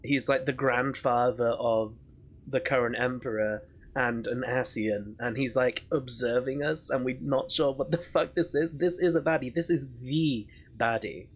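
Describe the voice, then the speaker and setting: A man's voice: mid-range voice, steady tone, normal speed. A man streaming a story game live, chatting casually, swearing and laughing often.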